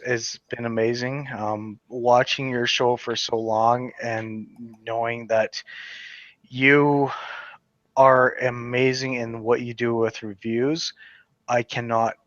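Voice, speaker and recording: A man's voice: medium pitch, fairly bright tone, no room sound, muffled recording. A man in his thirties hosting a casual chat, rambling, swearing and laughing often. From Western Canada. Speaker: channel host.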